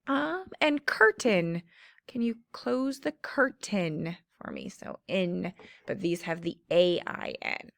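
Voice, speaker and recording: A woman teacher giving a slow, clear phonics lesson to children, stretching out the sounds of words. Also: on the low side, lively intonation, no room sound, clean studio sound.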